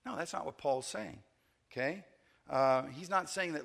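A man's voice: normal speed, vocal fry, fairly bright tone, slightly rough. Man preaching with frequent "okay?". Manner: conversational preaching, frequent "okay?" check-ins; repeats words and restarts, rises in pitch for emphasis. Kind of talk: sermon.

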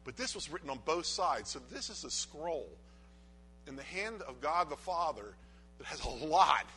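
A man preaching a sermon, reading scripture aloud and dropping to a hushed, low voice for the verses, then rising to loud urging, with frequent restarts. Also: very animated, moderate pace, a little hiss or hum.

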